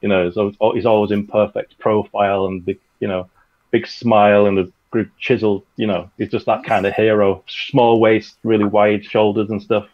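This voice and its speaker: A man's voice: fairly low pitch, flat delivery, normal speed, dull audio. A man who makes an audio drama, chatting casually and rambling with lots of fillers. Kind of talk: casual chat.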